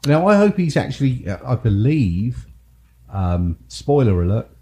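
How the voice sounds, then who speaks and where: A man's voice: medium pitch, sing-song, measured pace, dark tone. A man with an English accent co-hosting a podcast, talking casually, teasing his co-host and laughing often. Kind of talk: casual chat.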